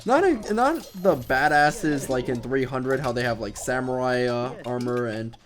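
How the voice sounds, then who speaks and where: A man's voice: medium pitch, animated, a little slow. A man giving casual, rambling commentary over his strategy game, swearing now and then, with game music behind him. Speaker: gameplay commentator.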